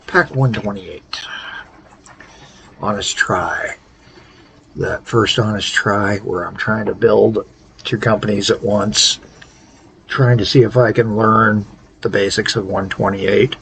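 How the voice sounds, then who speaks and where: Tired man with a gravelly low voice. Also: steady tone, fairly bright tone, slight background noise, rough recording. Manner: halting, thinking aloud, low-key. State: tired, worn out. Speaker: game tutorial host. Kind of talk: casual gameplay tutorial commentary.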